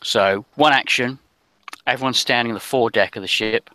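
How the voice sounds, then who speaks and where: Male game master, bright tone, hesitant narration with many fillers. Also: medium pitch, fairly quick, no echo, low-quality recording.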